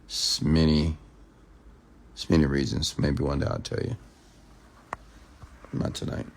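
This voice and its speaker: A man hosting a late-night live stream, reading viewer comments aloud and answering them, who changes his pace and tone on purpose and sometimes slows into a measured news-anchor delivery. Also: a bass voice, level tone, a little mellow.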